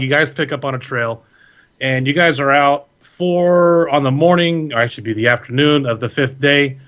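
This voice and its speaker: A man narrates a tabletop adventure as game master, rambling easily and correcting himself as he goes. His voice sits at an ordinary middle pitch, and he talks over a video call. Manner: relaxed, rambling, with fillers and self-corrections.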